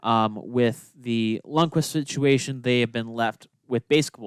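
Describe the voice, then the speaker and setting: A man's voice: mid-range voice, measured pace, smooth, no echo, clean studio sound. Laid-back male hockey podcast co-host. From Minnesota. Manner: laid-back, teasing banter. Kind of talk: casual sports chat.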